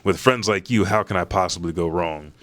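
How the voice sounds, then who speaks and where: A man reading the lines of a proud, sharp-tongued male navy admiral from a manga, snapping back. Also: low-pitched, fairly quick, no echo. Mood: snappish.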